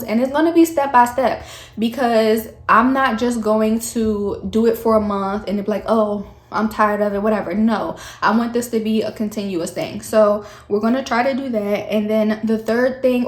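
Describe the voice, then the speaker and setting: Young woman vlogging, kinda high voice, chatty and honest, voice a bit shaky from the cold. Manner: chatty, candid, addresses viewers as y'all. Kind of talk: casual talk to camera. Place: chilly room at home. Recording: echoey room.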